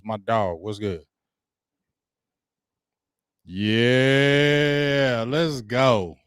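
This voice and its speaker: A man's voice: fairly low pitch, no echo, clean studio sound. A man hosting a casual sports livestream, hyped and slangy, greeting viewers by name as they join. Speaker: sports talk livestream host.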